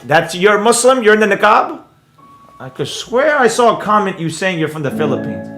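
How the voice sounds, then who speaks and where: A blunt, brash man runs a trading livestream and reads out the viewers' chat as he goes. His voice sits high for a man. The sound comes from an echoey, roomy space. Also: very animated, moderate pace, music in the background. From New York.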